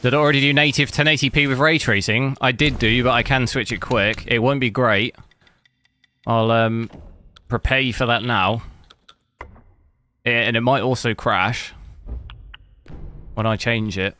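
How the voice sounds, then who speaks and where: English guy rambling on his live stream, bright voice, keeps stopping to find the word. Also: mid-range voice, steady tone, unhurried, long pauses. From England. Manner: rambling, chatty, searches for words aloud. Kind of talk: casual live-stream chat while gaming.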